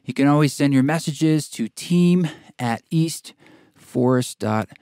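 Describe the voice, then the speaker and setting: Relaxed man hosting, dry close sound. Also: on the high side, takes it slowly, clean tone, dry recording. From Oregon. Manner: rambling, relaxed, with fillers. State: out of breath. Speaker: podcast host. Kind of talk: casual podcast intro and interview. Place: tiny house studio.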